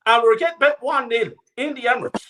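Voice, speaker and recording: A man's voice: extremely high pitch, fast talker, pushed and bright. A man in his forties or older calling in to a live talk show, ranting angrily with constant swearing and repeating himself. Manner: angry, profane, repetitive ranting. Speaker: caller. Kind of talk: ranting call-in chat.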